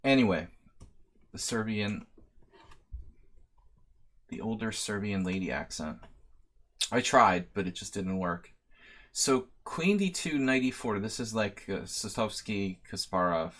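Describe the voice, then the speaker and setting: Streamer, man, late thirties, lowish voice, rambling, self-deprecating jokes between game calls. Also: lively intonation, a little slow, pauses often, a bit bright. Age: 30s. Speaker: chess master giving a simul. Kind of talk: live-stream commentary.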